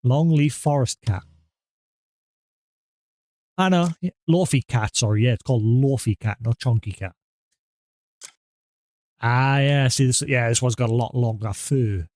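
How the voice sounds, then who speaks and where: A man's voice: medium pitch, measured pace, pauses often, darkish tone, dry recording. A man streaming a video game live, chatting casually and coaxing an in-game cat with a playful voice. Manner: chatty, talks to in-game cat, baby-talk and meowing. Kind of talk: live gameplay commentary.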